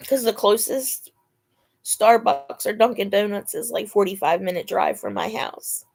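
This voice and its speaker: A woman talks unhurriedly on her live stream. She chats to her viewers in an easy, relaxed way and laughs often. She slips into a cooing baby-talk voice for her dog. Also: mid-range voice, a little slow, creaky. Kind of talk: casual live chat.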